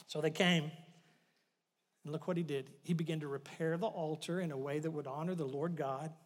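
A male pastor preaching a sermon, retelling a story with animated swings from loud bursts to hushed asides. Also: on the high side, a little fast, in a large hall.

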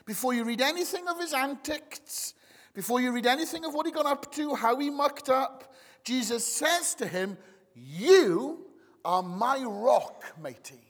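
Lively high-voiced male preacher in a hall. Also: moderate pace. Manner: expressive, conversational preaching to a congregation. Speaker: pastor. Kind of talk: sermon. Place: church.

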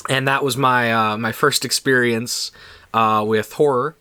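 A man casually telling an animated story, full of fillers like "like" and "um". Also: medium pitch, a little slow, smooth, no room sound.

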